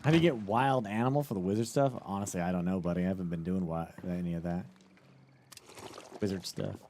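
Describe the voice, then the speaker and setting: A man's voice: low-pitched, brisk, warm tone, slight background noise. A man streaming a game live, chatting loosely with his chat, swearing and riffing on ideas as he plays. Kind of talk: casual live-stream chat while gaming.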